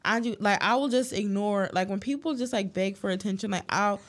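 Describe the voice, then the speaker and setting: A woman's voice: mid-range voice, fairly quick. A woman in casual chat who works retail, rambling with lots of "like" fillers and frequent swearing. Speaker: retail store worker.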